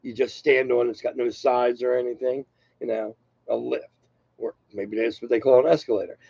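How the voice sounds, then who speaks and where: An older man rambles through a casual monologue as host of his own channel. His voice is gravelly and dark, and the recording sounds dry and dull, close and lo-fi. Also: mid-range voice, little pitch movement, normal speed, no echo. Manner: rambling, loose, self-deprecating asides.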